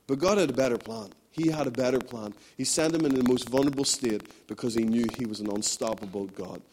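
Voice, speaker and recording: A man's voice: mid-range voice, quick pace, darkish tone, a little hiss or hum. A man preaching a sermon, emphatic and repetitive, building his points in rhythmic runs. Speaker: pastor.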